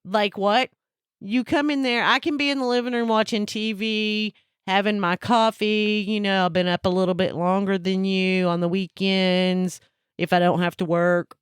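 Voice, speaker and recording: A woman co-hosting a casual couple podcast at home, halting and giggly, with plenty of fillers. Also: medium pitch, steady tone, smooth, dry recording, clean studio sound. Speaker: podcast co-host. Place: at home, cat in the room.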